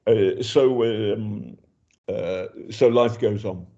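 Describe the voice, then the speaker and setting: Reporting informally from a war zone, an older journalist from Britain speaks very slowly in a warm, lowish voice, stumbling over ums and restarting often. The sound is lo-fi.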